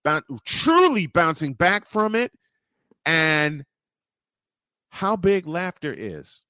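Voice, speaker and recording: A man's voice: on the high side, lively intonation, slow, bright, forceful tone, clear, resonant tone, dry recording, clean studio sound. A man hosting a casual podcast interview, telling stories with animation, laughing easily and tripping over his words. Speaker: podcast host.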